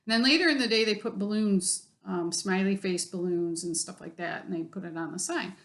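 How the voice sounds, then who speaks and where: A woman in a casual vlog, talking bluntly and with plenty of profanity. She sounds exasperated and fed up as she tells her story, pitched at a middling level. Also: brisk. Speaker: vlogger.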